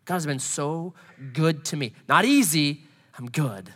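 Pastor guy in his 40s preaching, kinda high bright voice, lots of hall echo, tells stories and acts stuff out. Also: measured pace. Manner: animated, conversational preacher who acts out scenes. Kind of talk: sermon with storytelling. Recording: long hall reverb.

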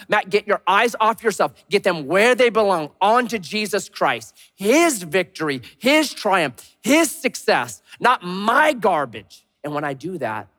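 Male pastor, lively sermon delivery, moving between loud and soft, slightly high voice, long church reverb. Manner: animated, swings from loud to hushed.

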